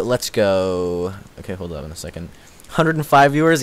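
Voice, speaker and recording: A young man chatting on a live stream and reading out his chat, giggly and excitable, dropping to low mumbles and jumping up to high squeals. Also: moderate pace, noisy background.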